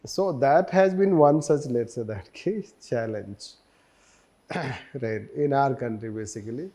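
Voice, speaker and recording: Male teacher, Indian English accent, mid pitch, warm mellow tone, repetitive wry lecturing. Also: a little slow. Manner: repetitive, mixes Hindi with English, wry asides.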